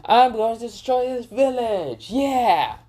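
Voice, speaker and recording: A man putting on a shrill brash sand monster. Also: expressive, takes it slowly, exaggerated voice. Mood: gloating. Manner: shouting, mocking.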